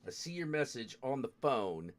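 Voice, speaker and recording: A man's voice: medium pitch, very animated, normal speed. A man hosting a live stream, muttering and swearing in frustration as he struggles with apps. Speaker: streamer host. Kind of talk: casual live-stream chat.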